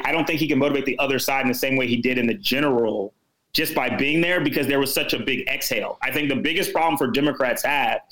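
A man from Houston, Texas, guest on a political podcast, talking in a casual, animated and emphatic way. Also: medium pitch, poor audio.

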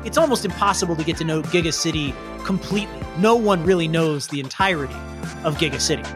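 High-voiced man running a tabletop game. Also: quick pace, over music. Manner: casual, meandering, with fillers. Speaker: game master.

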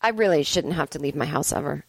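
A woman comic in her forties riffs alone at home, sarcastic and freely swearing as she vents. Her voice sits at an ordinary middle pitch, and the close recording is dry with no room sound. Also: fast talker, gravelly, no echo. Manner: sarcastic, profane ranting. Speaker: comedian and podcast host. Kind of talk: casual solo monologue.

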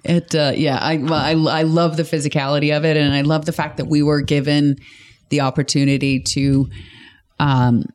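A woman's voice: low voice, flat delivery, normal speed, a little mellow. A woman chatting casually as a podcast co-host, talking with lots of fillers and restarts. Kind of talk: casual chat.

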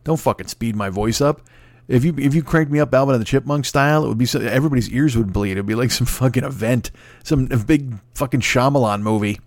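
A man hosting his podcast alone from home, rambling quickly with plenty of swearing, cracking himself up. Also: mid-range voice, no echo. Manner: rambling, profane, fast-talking and self-amused. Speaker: podcast host. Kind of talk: solo casual monologue. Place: home recording setup. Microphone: close mic.

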